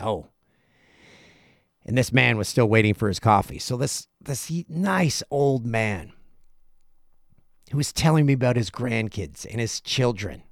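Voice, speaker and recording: Middle-aged guy host rambling thru a story, gravelly voice, dry close sound, does little voices for people. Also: fairly low pitch, no echo. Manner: animated, acts out other people's lines in quick asides. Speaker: podcast host. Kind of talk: casual storytelling monologue.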